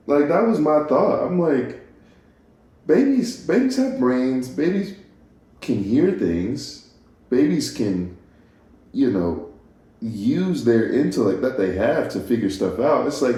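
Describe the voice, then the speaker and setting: Guy rambling on his podcast, low mellow voice, super echoey room. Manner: rambling, self-interrupting, laughs at himself. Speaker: podcast host. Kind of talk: casual solo podcast musing.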